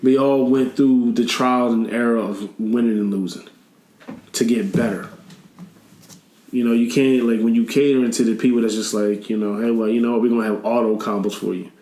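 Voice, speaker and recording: Casual male podcast guest, average pitch, quick to laugh, echoey room. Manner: laughs often, animated storytelling. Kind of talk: casual chat.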